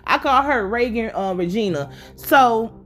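A woman with a fairly high voice tells what happened in a TV episode in casual talk. She is animated and profane, and she laughs often as she goes. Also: a little slow, soft background music. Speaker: show recap vlogger.

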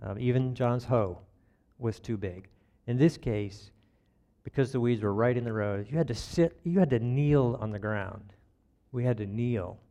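A man giving a relaxed, conversational sermon, telling everyday stories in a folksy way and chuckling at himself. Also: mid-range voice, measured pace.

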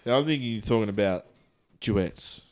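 A man's voice: lowish voice, normal speed, darkish tone. A man co-hosting a casual comedy podcast, laughing often and joking in crude banter. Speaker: podcast co-host.

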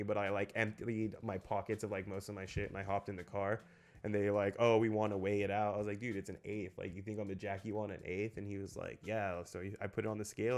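A young man from Los Angeles chatting casually, telling rambling, profane stories full of "like". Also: fairly low pitch. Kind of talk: casual chat.

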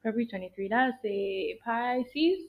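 An animated, emphatic woman chatting as a podcast guest, laughing often. Her voice comes through a thin, phone-like line. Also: on the high side, unhurried. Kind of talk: casual chat. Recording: tinny phone-like sound.

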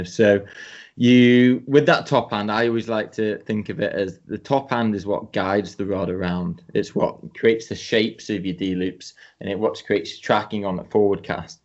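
A man calmly explaining a casting technique as an instructor. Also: lowish voice, muffled recording.

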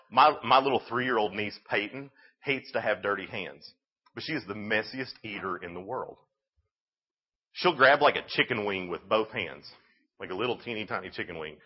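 A man giving a youth sermon, telling the story in an animated, casual way with lots of "like"s. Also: medium pitch, moderate pace, breathy edge, muffled recording. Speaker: youth speaker.

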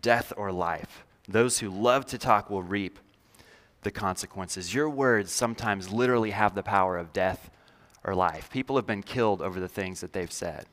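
A man's voice: lowish voice, normal speed, fairly bright tone, long reverb tail. A man leading a church message in a loose, conversational way, with many fillers and self-deprecating humor. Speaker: pastor. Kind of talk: sermon. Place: large church hall.

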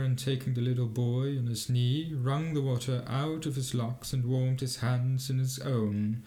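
A man narrating a fairy tale in a measured, expressive storybook reading. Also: medium pitch.

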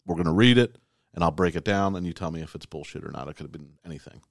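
A man with a very deep voice hosts a casual podcast, reading old prophecies aloud and breaking them down. He keeps it loose and joking, full of fillers and restarts. The sound is dry and close. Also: racing, no echo. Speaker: podcast host.

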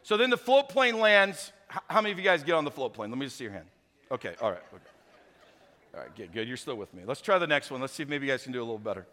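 Animated preacher man, echoing hall. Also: medium pitch, very fast. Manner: animated, interactive, joking with the crowd. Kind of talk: sermon to a live auditorium. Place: large auditorium. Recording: long hall reverb.

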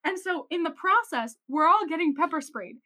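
A high-voiced young woman co-hosts a chatty podcast and spins a long, animated story. She fills it with "like" and breaks into laughter as she goes. Her voice sits well above the usual range. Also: normal speed. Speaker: podcast co-host. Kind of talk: casual storytelling chat.

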